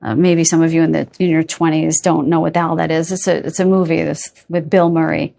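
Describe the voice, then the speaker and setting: A woman's voice: deep voice, level tone, fairly quick, creaky, dark tone. A middle-aged woman giving a pick-a-card tarot reading to her viewers, chatty and rambling, often losing her train of thought, openly affectionate to her audience.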